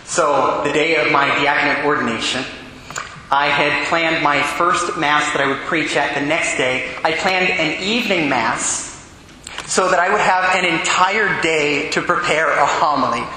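A man preaching a sermon as a priest, telling a personal story with lively acted-out quotes. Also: a little high, a little slow, a little hiss or hum. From California. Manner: animated storytelling, acts out quoted voices. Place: large church with long echo. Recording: echoey hall.

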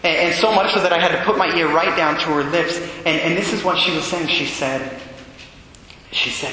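A Catholic priest delivers a storytelling sermon with earnest feeling, sinking to a hush when the story turns quiet. His voice is slightly high and bright. The sound carries a long, roomy reverb from a church hall with a faint hiss underneath. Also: normal speed.

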